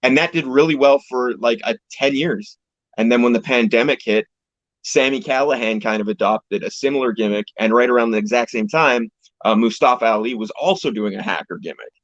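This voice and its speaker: The guest, a young Canadian pro wrestler, talks briskly in a medium-pitched voice over a video call. The audio is dull, lo-fi, and dry without echo, and his manner is laid-back and rambling, with casual swearing.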